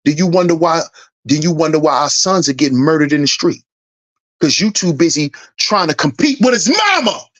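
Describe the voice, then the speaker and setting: Man preaching an animated rant. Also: a little high, moderate pace. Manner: preachy, emphatic, repeats lines for effect, swears. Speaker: commentary channel host. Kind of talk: ranting social commentary.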